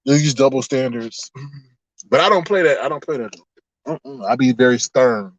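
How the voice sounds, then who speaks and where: A man chatting casually on a livestream with his viewers, animated and laughing often as he drifts into preachy asides. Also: medium pitch, moderate pace, no room sound, lo-fi sound. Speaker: online streamer.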